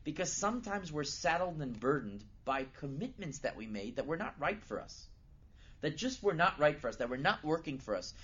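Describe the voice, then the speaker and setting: A man giving a sermon as a lively storyteller who builds to loud, emphatic peaks. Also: a little high, normal speed, breathy edge. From United States. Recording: dull lo-fi recording with faint noise.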